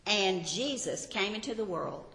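A woman's voice: mid-range voice, lively intonation, unhurried, creaky, a bit bright. A woman teaching a Bible lesson to a group, earnest and often asking her listeners rhetorical questions. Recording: roomy hall reverb.

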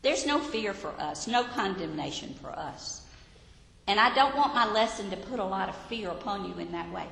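A woman's voice: mid-range voice, lively intonation, normal speed, vocal fry, a bit bright. A woman gives a Bible lesson in an earnest, exhorting, conversational way, as a Sunday school teacher. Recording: echoey hall with room reverb.

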